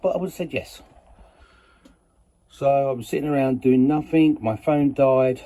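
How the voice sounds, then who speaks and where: Mellow-voiced man rambling on. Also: medium pitch, steady tone, normal speed. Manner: chatty, meandering, self-correcting. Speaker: model railway hobbyist vlogger. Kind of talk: casual rambling storytelling.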